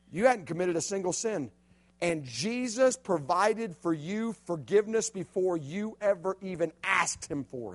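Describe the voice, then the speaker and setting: A man preaching a playful youth sermon, joking with the crowd and acting out stories in different voices. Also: high-pitched. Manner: playful, jokey storytelling with acted-out voices. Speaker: youth pastor.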